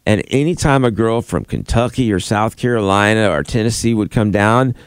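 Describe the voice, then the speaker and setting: A man's voice: fairly low pitch, normal speed, clear, resonant tone, dry recording, clean studio sound. A man who grew up in Florida, hosting a morning radio show and chatting playfully while reading out survey results. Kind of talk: casual morning radio banter.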